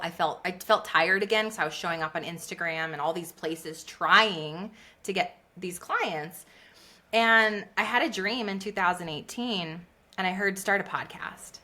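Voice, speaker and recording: A woman guest on a podcast, a business coach, telling her story in a lively conversational way and acting out what people said. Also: lowish voice. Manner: animated, laughs often, acts out quotes.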